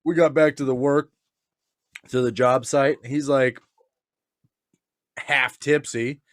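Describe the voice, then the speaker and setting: A man's voice: mid-range voice, steady tone, slow. A man co-hosting a casual, boozy podcast chat, crude and laughing, who slips into goofy voices when he quotes people. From Nebraska, US. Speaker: podcast co-host. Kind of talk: casual drunk banter.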